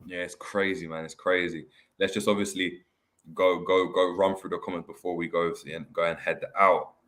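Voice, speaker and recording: A man's voice: low voice, flat delivery, a bit bright. A young man with a London accent, hosting a casual live stream and reading out viewer comments in slangy chat. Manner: slangy, fast-talking, reads viewer comments aloud. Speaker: host.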